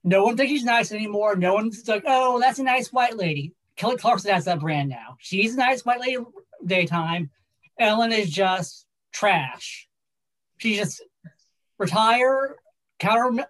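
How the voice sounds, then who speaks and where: A man co-hosts a podcast chat in a mid-pitched voice, dry and sarcastic, mocking himself with a straight face. He sounds quick-witted and blunt. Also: a bit bright, rough recording. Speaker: co-host. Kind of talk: casual chat.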